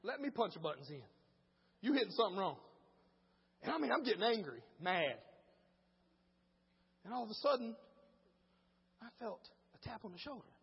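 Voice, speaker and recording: A pastor delivers a sermon in a church, his voice very high and husky. He shifts from quiet storytelling up to shouted exhortation, very animated at a normal speed with long pauses, and the dull sound carries a long hall echo.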